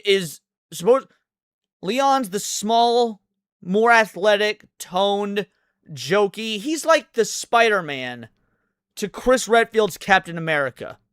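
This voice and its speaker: A man's voice: sits high, dry recording, studio quality. A man ranting in a heated, profane, sarcastic way, hosting commentary over game clips. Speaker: commentary host.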